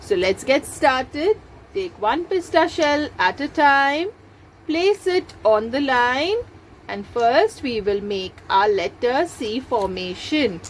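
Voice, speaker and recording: Patient nursery teacher. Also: female voice, high voice, animated, a little hiss or hum. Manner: slow, patient, step-by-step instructions. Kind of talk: recorded lesson for young children.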